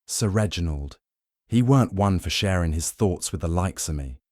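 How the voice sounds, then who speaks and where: Brief: gruff, guarded Yorkshire estate groundskeeper, played by a man, thick Yorkshire accent, dry close sound. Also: low voice, animated, normal speed, darkish tone, no room sound. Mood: wary. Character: wiry weathered male Yorkshire groundskeeper, wary.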